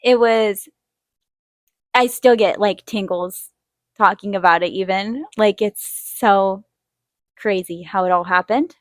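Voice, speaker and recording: Here the young art channel host speaks slowly, pausing often, as she draws and tells a personal story. Chatty and animated, she performs people's lines in a raised voice over her mid-range pitch. Recorded close, the audio is dry.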